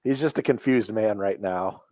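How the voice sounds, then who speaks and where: A man's voice: on the low side, moderate pace, a little mellow, no echo. A man co-hosting a wrestling podcast, asking questions and making dry jokes. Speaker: podcast co-host. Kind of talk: casual chat watching wrestling.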